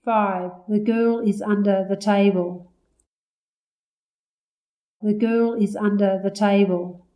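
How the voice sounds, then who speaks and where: Slow, careful woman reading test items. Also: medium pitch, fairly even intonation, mellow. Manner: careful, deliberate, each item said twice. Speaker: listening-test reader. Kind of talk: slow scripted exam reading.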